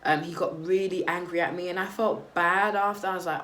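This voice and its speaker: A young woman tells her own story to camera in a candid, faltering way. Her voice sits low for a woman, with many "um"s and "like"s. A faint hiss runs under it. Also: fairly even intonation, fast, few pauses, fairly bright tone. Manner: candid, hesitant, lots of "um" and "like". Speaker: vlogger. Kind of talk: personal testimony to camera.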